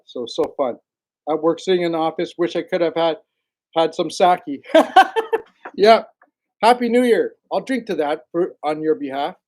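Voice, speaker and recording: Hosting a relaxed livestream, a man with a slightly high, slightly mellow voice chats aimlessly. He laughs frequently and calls out viewers by name.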